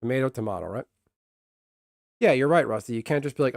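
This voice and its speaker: A man's voice: medium pitch, expressive, fast, vocal fry, no echo, studio quality. A man streaming, ranting casually and bluntly with profanity, restarting his sentences often. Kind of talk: casual livestream rant.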